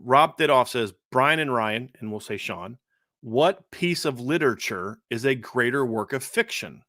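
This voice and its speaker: A man hosting a casual sports podcast, talking quickly and acting out quotes with laughs. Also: medium pitch, no room sound, clean studio sound. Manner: animated, laughs and acts out quotes. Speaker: podcast host.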